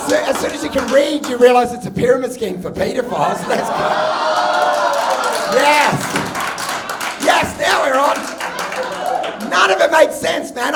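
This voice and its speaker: A man doing a stand-up set, telling brash, shouty, crude jokes. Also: extremely high pitch, gravelly, recorded from a distance, very noisy. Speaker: stand-up comedian. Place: comedy club stage with live audience. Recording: echoey club, mic off, loud crowd.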